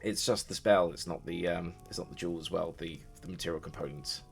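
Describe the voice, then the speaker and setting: Low-voiced dungeon master. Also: male voice, brisk, gravelly, soft background music. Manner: rambling, many fillers and restarts. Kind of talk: casual game narration.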